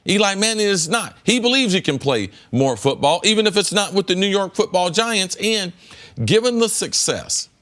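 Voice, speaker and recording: A man's voice: high voice, lively intonation, moderate pace, a bit bright. A middle-aged man, a former pro athlete, giving emphatic sports debate commentary and repeating words as he builds his point. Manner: emphatic, repeats words, rises sharply when making a point. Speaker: former pro football player turned analyst.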